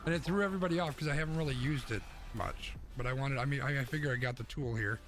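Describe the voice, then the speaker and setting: A young man streams from his home setup, chatting casually with viewers and answering chat while he plays, his mic running through a mixer. He's rambling and chatty, talking fast in a mid-range, fairly bright voice over game music and game sounds.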